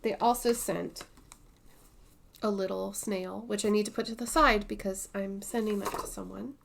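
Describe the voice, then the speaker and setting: A woman vlogger in casual show-and-tell chat about her stitching projects, unhurried and chatty, with some soft asides. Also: medium pitch, fairly even intonation, gravelly, a little hiss or hum.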